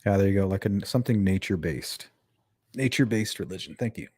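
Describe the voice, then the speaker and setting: A man's voice: low voice, expressive, quick pace, darkish tone, husky, no room sound. A man hosting a livestream, rambling casually and answering viewers' chat. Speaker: livestream host.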